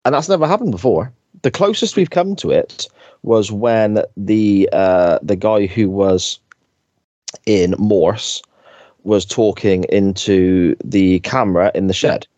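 A man's voice: on the low side, slow pace, dark tone, no echo. A man co-hosting a podcast, chatting casually and laughing easily, with frequent tag questions. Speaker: podcast co-host. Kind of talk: casual chat reviewing a TV episode.

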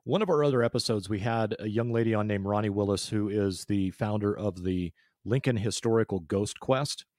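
A man hosting a podcast, asking slow, deliberate interview questions. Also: lowish voice, darkish tone, no echo, studio quality. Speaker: podcast host.

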